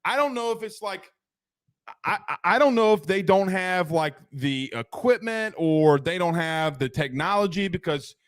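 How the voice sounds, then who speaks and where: A man's voice: high-pitched, animated, moderate pace, dry recording, studio quality. A man hosting a casual postgame sports talk show, ranting animatedly and reading out viewer comments.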